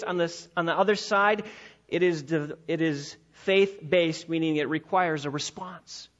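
A pastor delivering a sermon in a church, emphatic and repeating key phrases, slowing down to stress his points. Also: fairly high pitch, fairly bright tone. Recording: dull lo-fi recording.

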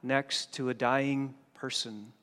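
Preaching pastor in a reverberant hall. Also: male voice, mid-range voice, steady tone, slow, smooth. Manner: preaching with swings from hushed to loud and forceful. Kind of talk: sermon.

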